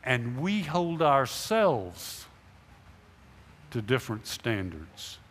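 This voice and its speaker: A man's voice: medium pitch, very animated, extremely slow, fairly bright tone, slight background noise. A middle-aged male pastor giving a sermon in a church sanctuary, asking the congregation questions and acting out imagined conversations. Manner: acts out imagined dialogue, asks the congregation questions. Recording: long hall reverb in a church.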